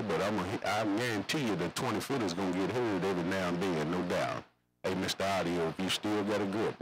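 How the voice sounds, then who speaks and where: A man's voice: low-pitched, poor audio. A man chatting over CB radio, rambling in slangy, repetitive radio lingo. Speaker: CB radio operator.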